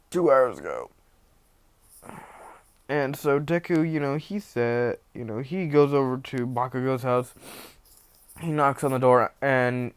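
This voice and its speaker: A man's voice: medium pitch, clear, resonant tone, dry recording. A young man rambling through a casual retelling of a story, with lots of fillers and asides. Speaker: channel host.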